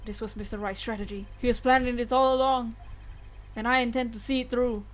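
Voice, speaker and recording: A woman's voice: a little high, fairly even intonation, fairly quick, soft background music, close to an everyday voice. A woman voicing an earnest young male defense attorney from a game, reading his lines emphatically.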